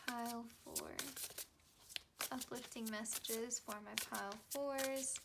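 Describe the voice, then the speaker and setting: A woman's voice: on the high side, fairly even intonation, takes it slowly, creaky, heavy background noise. A young woman giving a casual, chatty tarot reading, reassuring her viewers with plenty of fillers. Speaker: tarot reader.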